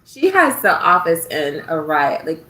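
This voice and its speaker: A woman's voice: low-pitched, big pitch swings, a little slow, sharp tone, echoey room, slight background noise, poor audio. A woman who teaches, chatting casually as a guest and telling stories with frequent laughter. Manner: talkative, laughs often, tells stories.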